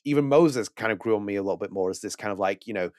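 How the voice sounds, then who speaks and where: A man's voice: on the low side, very fast, darkish tone, dry recording, studio quality. A man co-hosting a podcast, reviewing a game in casual chat, rambling with restarts and quoted asides. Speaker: podcast co-host.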